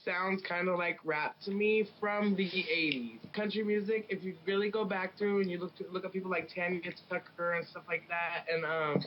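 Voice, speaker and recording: A woman's voice: fairly low pitch, fairly even intonation, moderate pace, few pauses, lo-fi sound, slight background noise. A woman rapper from the Pacific Northwest talking frankly in a casual interview, telling stories with plenty of fillers. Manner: frank, storytelling, many fillers. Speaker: guest rapper.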